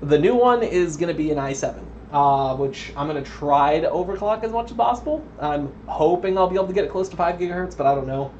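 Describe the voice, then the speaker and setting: Young man, casual stream chat, lots of ums, slightly high, muffled lo-fi mic. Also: expressive, fairly quick, few pauses, a little mellow. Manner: rambling, chatty, self-interrupting with ums. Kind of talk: casual live-stream commentary while building a computer. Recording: dull lo-fi stream audio with faint noise.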